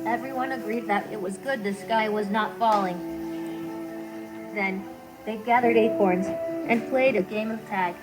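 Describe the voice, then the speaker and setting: A woman's synthetic robot voice narrating children's stories in a clear, even, friendly way. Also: medium pitch, a little slow, pauses often, music in the background, rough recording. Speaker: storytelling companion robot.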